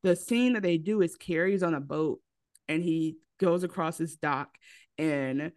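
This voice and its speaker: A woman's voice: low voice, unhurried, clean tone, no room sound. A woman co-hosting a podcast in casual chat, telling movie plots with lots of acted quotes. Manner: animated storytelling with acted quotes. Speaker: podcast co-host.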